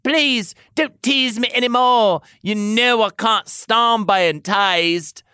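A man voicing a breathless, eager young male lover in a comedic dramatic reading, breathy and pleading. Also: sits high, slow, bright, forceful tone, dry recording, clean studio sound, pitched above the performer's own voice, exaggerated voice. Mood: begging, swooning.

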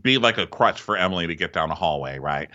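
A man co-hosting a podcast, recapping a reality show in casual chat and acting out quotes in high voices. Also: animated, fast talker, bright, forceful tone, muffled recording. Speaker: podcast co-host.

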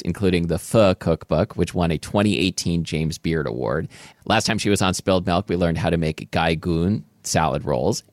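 A man's voice: deep voice, dry recording, clean studio sound. A man co-hosting a podcast, easygoing and chuckling in casual chat, introducing a guest. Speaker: podcast co-host.

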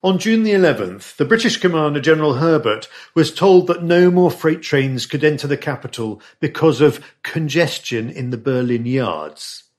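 Man narrating history with lively pitch. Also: moderate pace, few pauses. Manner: storytelling with lively dramatic emphasis. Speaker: podcast narrator.

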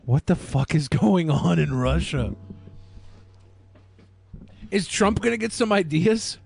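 A man's voice: a little high, expressive, slow, vocal fry, darkish tone, breathy edge. A man hosting a podcast, making crude, sarcastic jokes in casual commentary. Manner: crude, joking, sarcastic asides. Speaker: podcast host.

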